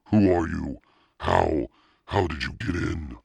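A terrified young boy, as a man plays him begs and stammers in panic. His voice jumps well above the narrator's deep tone and comes out loud and shaky. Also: slow, gravelly, slightly rough, no echo, full character voice. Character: frightened young boy in bug costume.

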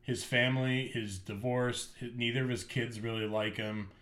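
A man's voice: mid-range voice, fairly even intonation, moderate pace, fairly bright tone, reverberant. A man co-hosting a podcast, chatting casually and rambling with lots of fillers. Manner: rambling, filler-heavy, enthusiastic. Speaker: podcast co-host. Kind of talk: casual chat.

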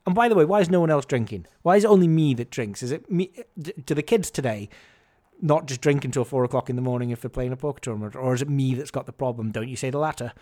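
A man hosting a podcast, telling a story in a casual, animated, wry and self-mocking way. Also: medium pitch, quick pace. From Scotland. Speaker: podcast host.

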